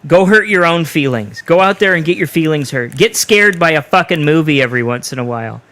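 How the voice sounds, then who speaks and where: A man's voice: fairly high pitch, animated, fairly quick, sharp tone, dry recording. A man co-hosting a podcast in casual chat, ranting bluntly and swearing freely. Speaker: podcast co-host.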